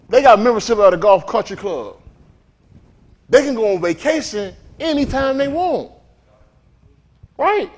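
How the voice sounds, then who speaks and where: Casting: animated male preacher, high and lively delivery, asks the room. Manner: animated, calls out to the congregation. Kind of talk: sermon.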